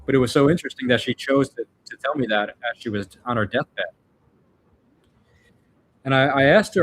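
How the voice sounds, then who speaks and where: A man's voice: mid-range voice, normal speed, pauses often, fairly bright tone, slight background noise. A man vlogging, telling personal stories in a rambling, reflective way, full of fillers and restarts. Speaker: vlogger answering viewer questions. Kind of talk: casual storytelling monologue.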